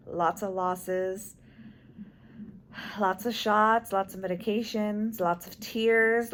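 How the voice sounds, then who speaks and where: A young woman, an expectant mother, speaking softly and with emotion in a casual, grateful chat from a hospital room. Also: mid-range voice, a little hiss or hum. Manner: soft-spoken, emotional, grateful.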